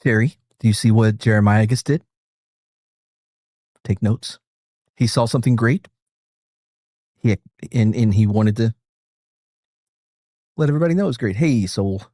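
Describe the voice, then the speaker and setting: A man's voice: fairly low pitch, moderate pace, pauses often, warm tone, no echo, clean studio sound. A man streaming, chatting casually and rambling with jokes while reacting to a video with friends. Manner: rambling, joking, chuckles often. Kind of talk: casual chat.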